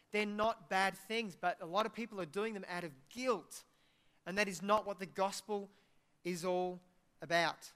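A man preaching as pastor, his voice pitched high and ringing with a crisp brightness. He keeps the sermon conversational and joking, now and then mimicking the anxious voices in his listeners' heads.

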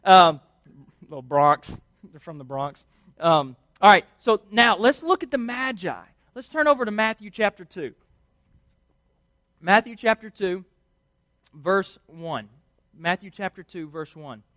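High voiced guy preaching, chatty and animated, dry close sound. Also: measured pace, long pauses, dry recording. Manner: animated storytelling, acts out voices. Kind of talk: sermon.

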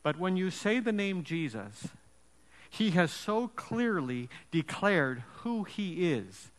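High-voiced preacher in a reverberant hall. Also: male voice, very animated. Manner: emphatic, storytelling delivery with dramatic pauses. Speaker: pastor. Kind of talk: sermon.

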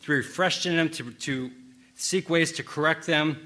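A man's voice: a little high, moderate pace, bright, forceful tone. A middle-aged man preaching a sermon as pastor, telling a long, rambling, self-mocking story full of restarts before turning to prayer.

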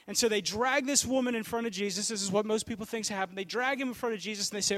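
A young man preaching a sermon as pastor, telling the story in a casual way and shifting between loud stretches and hushed ones. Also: high voice, fast talker, hardly any pauses.

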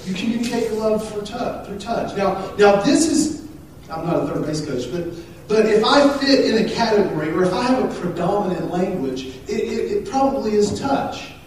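A man's voice: sits high, expressive, normal speed, darkish tone. A male pastor preaching in a joking, conversational way with frequent restarts, heard in a church hall. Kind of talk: sermon. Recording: echoey hall from far off, faint hiss.

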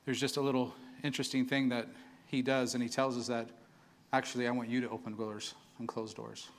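A man preaching a sermon to his church, animated and conversational, asking the congregation for responses. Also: mid-range voice, fairly quick, slight background noise. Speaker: pastor.

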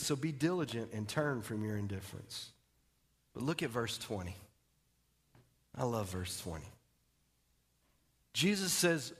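A man preaching a sermon as pastor, conversational and joking, dropping to quiet emphasis on key points. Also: sits high.

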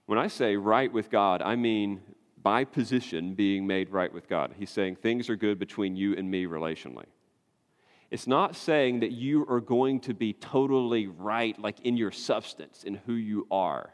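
A man's voice: lowish voice, moderate pace. A man preaching a conversational sermon as pastor, emphatic and full of rhetorical questions. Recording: long hall reverb.

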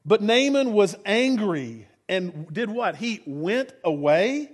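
A male pastor preaching a sermon in a relaxed, storytelling way. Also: high voice, slow.

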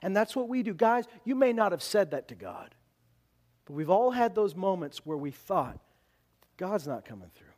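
Pastor guy preaching, kinda high voice, earnest, goes hushed and whispery sometimes. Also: very animated, normal speed. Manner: earnest preaching, drops to a hushed near-whisper on key points. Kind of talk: sermon.

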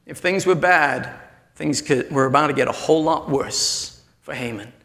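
A high-voiced, bright man preaches, retelling a story and acting out each character's lines with energy. His voice rings out with a long reverb, as if in a large hall. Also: normal speed, creaky. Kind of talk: sermon storytelling.

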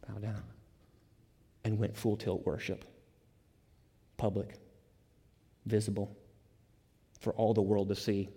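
Male preacher, sermon, emphatic repeated lists, lowish voice, long hall reverb. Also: little pitch movement, slow pace, pauses often, dark tone, breathy edge. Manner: emphatic, builds repeated word lists, rising bursts.

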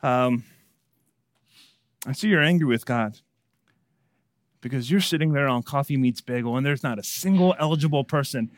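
A man preaching a sermon, swinging between hushed and emphatic delivery. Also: medium pitch, normal speed, long pauses, no room sound, studio quality. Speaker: pastor.

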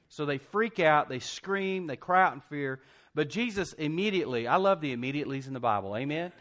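A man's voice: a little high, expressive, fairly quick, a bit bright. A male pastor preaching in a conversational, joking way, full of asides and restarts as he tells a Bible story. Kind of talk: conversational sermon.

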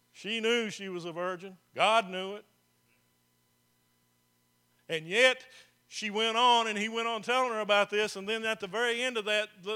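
A man preaches a sermon as pastor in a high-pitched voice that sounds pushed and bright. He speaks to the congregation in a conversational manner, asking them questions and repeating phrases for emphasis.

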